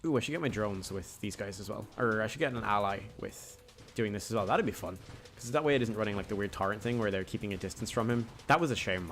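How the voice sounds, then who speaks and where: A man giving casual, rambling, jokey commentary while playing a video game. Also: lowish voice. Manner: rambling, chatty, jokey asides. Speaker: gaming YouTuber.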